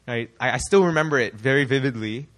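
A young man from the United States preaching a sermon, animated and throwing rhetorical questions at the congregation. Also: medium pitch, fast talker.

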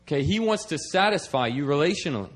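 A man with a fairly high voice delivers a conversational sermon to his congregation. He keeps checking in with a quick "okay?" and doubles back on his words as he goes. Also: lively intonation. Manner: repeats words as he restarts. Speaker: preacher and missionary.

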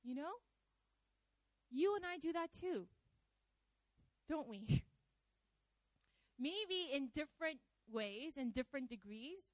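A woman preacher giving a conversational, animated sermon, often slipping into acted quotes. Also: sits high, slow, long pauses, no echo, rough recording.

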